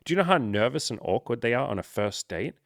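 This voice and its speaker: A man's voice: medium pitch, sing-song, fast, gravelly, no echo, studio quality. A man talking as a dating coach in casual, unscripted chat, blunt, swearing freely and poking fun at himself.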